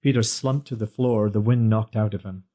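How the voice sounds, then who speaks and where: A man reading an audiobook in scripted narration, measured and plain. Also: on the low side, fairly even intonation, dark tone.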